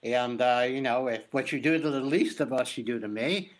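A man hosting an interview, speaking in a reflective, halting way. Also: mid-range voice. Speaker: host. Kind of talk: conversational interview.

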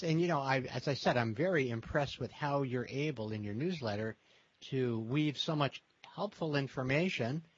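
A man's voice: medium pitch, breathy edge, dry recording. A man hosting an interview show, chatty and storytelling, with a few fillers. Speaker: host. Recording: dry muffled lo-fi sound.

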